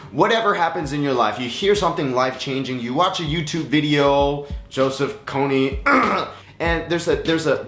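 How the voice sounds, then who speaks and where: A man's voice: mid-range voice, a bit bright. A young man giving a casual, goofy Bible lesson, full of sound effects and silly voices. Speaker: youth Bible teacher. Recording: echoey room with faint music.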